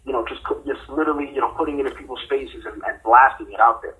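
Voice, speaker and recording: A man's voice: mid-range voice, fast talker, bright, forceful tone, poor audio. A male guest from New York explaining his work, with frequent fillers. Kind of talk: interview answers.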